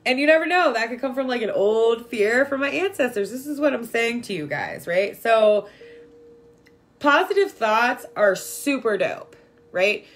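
A woman's voice: on the high side, animated, unhurried. Chatty woman giving a spiritual pep talk. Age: adult with a young daughter. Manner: chatty, full of "like" and "right?", affectionate toward listeners. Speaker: spiritual vlogger. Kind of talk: casual spiritual talk to viewers.

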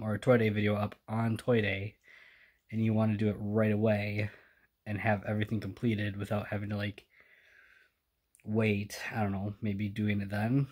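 A man chatting quietly in a casual home vlog, keeping his voice down and sighing now and then. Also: fairly low pitch. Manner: hushed and chatty, with sighs. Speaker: vlogger. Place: home indoors.

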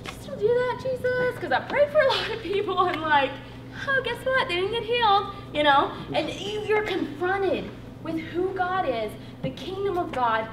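A woman, giving a personal testimony talk at a workshop, animated and laughing, saying "like" a lot. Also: high-pitched, far from the mic, background noise. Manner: animated, laughing storyteller, heavy use of "like". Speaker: workshop speaker. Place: college hall. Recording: roomy hall echo.

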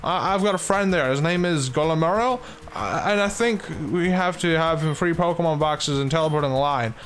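Guy doing a chatty game caller voice, way higher than normal, rambly and friendly. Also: a little fast, a bit bright, slight background noise, lightly acted. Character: chatty friendly game character on a phone call.

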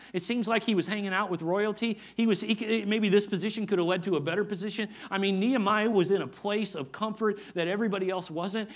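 A man preaching a sermon as pastor, emphatic and repetitive, often asking his congregation for an amen. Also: high voice. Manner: emphatic, repeats phrases, asks the congregation for amens.

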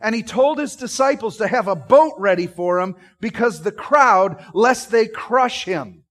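A man giving an animated Bible-teaching sermon, acting out scenes and asking his listeners questions. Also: high-pitched, unhurried, soft background music. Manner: asks the audience questions.

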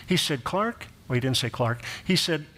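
Animated storytelling male pastor. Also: medium pitch, fairly quick, a little hiss or hum. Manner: animated storyteller, acts out quoted voices, laughs at his own jokes. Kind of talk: sermon with personal storytelling.

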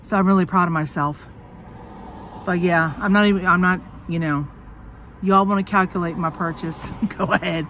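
A woman's voice: on the low side, steady tone, normal speed, a bit bright, a little hiss or hum. Chatty sick woman vlogging from a car. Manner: chatty, joking, swears freely, frequent laughs. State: sick with a cough. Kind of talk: casual chat to camera. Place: inside a car.

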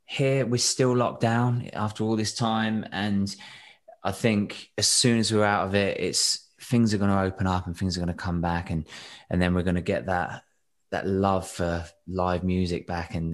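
A young British man, a singer, chatting as a podcast guest and telling animated stories with frequent laughs and restarts. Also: deep voice, normal speed. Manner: animated storyteller, laughs often, many restarts. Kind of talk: casual interview chat.

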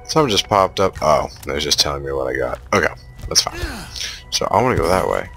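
A man commentating on his own shooter gameplay, excitable and trash-talking the enemies. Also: a bass voice, fast talker, vocal fry, faint music behind. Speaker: gamer playing a shooter. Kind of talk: let's play commentary.

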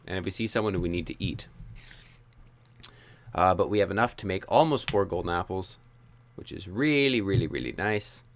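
A man's voice: sits low, animated, normal speed, pauses often, slight background noise. A young man commenting on his own gameplay, muttering frustrated self-talk with sudden yelps. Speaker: gaming YouTuber.

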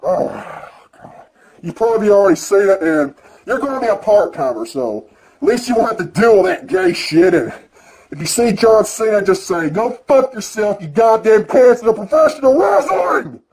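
Male vlogger, high and wildly animated voice, profane excitable rant. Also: normal speed, crowd noise. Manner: excitable, profane, swings between yelling and mumbling. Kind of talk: ranting video reaction.

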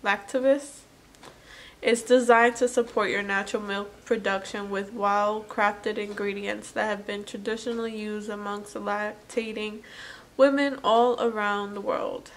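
A woman's voice: medium pitch, flat delivery, measured pace. A woman vlogger and new mother talking casually through a product unboxing, chatty and self-deprecating, with fillers like "anywho".

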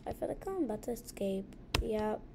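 A woman's voice: mid-range voice, big pitch swings, brisk, background noise. A woman giving let's play commentary, jumpy and easily scared, gasping and muttering to herself as she plays. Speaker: gamer.

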